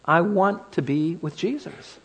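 A man's voice: high-pitched, unhurried, gravelly, a bit bright, slightly rough, pitched above the performer's own voice, heavily acted. A man voicing an impulsive adult male disciple who protests vehemently. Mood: eager.

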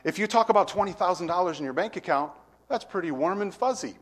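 Expressive middle-aged male pastor preaching. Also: high-pitched, fast talker. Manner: expressive teaching, swings from loud to soft, acts out voices. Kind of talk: sermon.

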